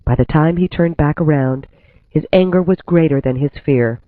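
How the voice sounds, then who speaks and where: Male narrator, slightly high voice, steady storybook reading, tinny phone-like sound. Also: normal speed, no room sound. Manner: steady, clear storytelling delivery. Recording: tinny phone-like dry recording.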